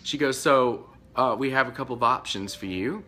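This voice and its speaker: A man telling a story to his camera in a casual rant, rambling and acting out both sides of a conversation, his pitch jumping up when he gets upset. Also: normal speed, pushed and bright. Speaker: vlogger telling of being fired.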